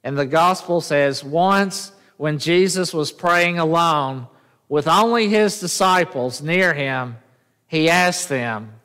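A pastor preaches in an echoey church sanctuary, often questioning the congregation and drawing them into call-and-response. His voice is fairly high, slow, bright, and clean, with a forceful tone.

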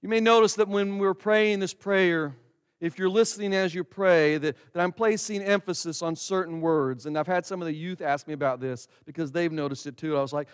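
Conversational pastor in a reverberant hall. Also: male voice, high voice, clean tone. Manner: conversational, with slow emphatic prayer recitation. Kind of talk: sermon. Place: church sanctuary.

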